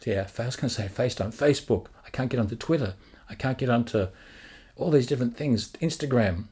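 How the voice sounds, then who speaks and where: Husky man musing aloud about songwriting. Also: mid-range voice, a little fast, warm tone. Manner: rambling, thinks aloud, sings lyric drafts. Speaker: songwriting teacher. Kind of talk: casual thinking-aloud lesson.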